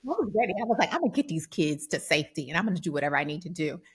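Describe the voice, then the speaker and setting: Lively woman telling a story, low-pitched. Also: racing, slightly rough. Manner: animated storyteller, acts out quoted dialogue. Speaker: podcast co-host. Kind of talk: casual chat.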